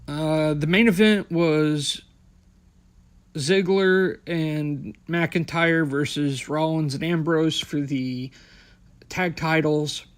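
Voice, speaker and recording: A man's voice: fairly high pitch, slow pace, clear, resonant tone. A young man hosting a podcast, recapping wrestling in a blunt, sarcastic, profane way. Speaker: podcast host.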